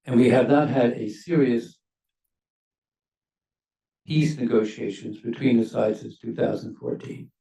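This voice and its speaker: An older former diplomat speaks on a university panel with a gravelly, mellow voice. He is measured and emphatic, leaning hard on key words. He sounds a little off-mic in an echoey hall. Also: mid-range voice, steady tone, distant mic. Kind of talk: panel discussion remarks.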